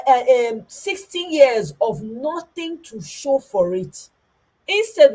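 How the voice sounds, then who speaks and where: A woman's voice: mid-range voice, slightly rough, poor audio. A Nigerian woman giving an impassioned political commentary, stressing her points by repeating them. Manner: emphatic, repeats herself for stress.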